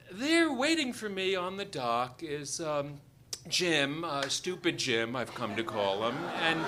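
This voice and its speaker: A man's voice: fairly high pitch, bright, forceful tone, a little hiss or hum. A man telling a funny personal story to a live audience, wry and self-deprecating as he acts out the scenes. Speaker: doctor and storyteller.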